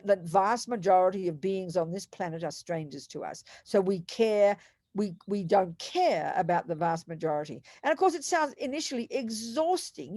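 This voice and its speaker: A woman with an Australian accent, giving a Buddhist teaching in an animated, emphatic way with storytelling asides. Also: medium pitch, no echo, studio quality.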